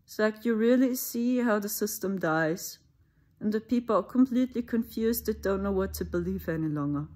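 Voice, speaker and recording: A German woman with a German accent hosts a spiritual channel, delivering a casual spoken monologue at a moderate pace. Her mid-range voice is animated and a little mellow as she rambles conversationally, dropping mocking asides along the way.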